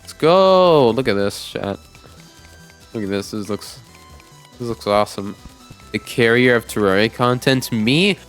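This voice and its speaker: A young man narrating his game playthrough who talks to his chat, jokes about himself and gets loud and pleading in boss fights. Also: on the low side, measured pace, pauses often, faint music behind. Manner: excitable, shouts and pleads during fights; talks to chat, self-deprecating. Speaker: gaming YouTuber. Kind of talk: let's play with voice-over narration.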